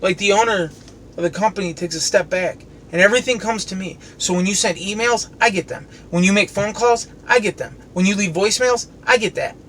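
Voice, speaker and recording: A man with a high-pitched voice talks fairly quickly in a heated, profane, sarcastic rant about his job cleaning commercial kitchens. Steady traffic and car noise run behind him.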